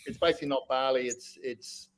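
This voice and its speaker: A man's voice: mid-range voice, fairly even intonation, a little fast. An Australian man co-hosting a casual podcast chat, laughing easily and retelling stories with many restarts. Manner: laughing, easygoing, restarts often. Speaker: podcast co-host.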